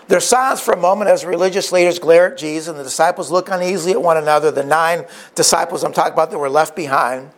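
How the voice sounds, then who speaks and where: A male preacher with a fairly high voice retells a story vividly in his sermon. He often restarts and throws in asides as he goes. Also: steady tone, fast, few pauses.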